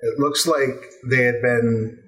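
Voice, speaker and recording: A man narrating as game master, relaxed and halting with fillers. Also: mid-range voice, low-quality recording.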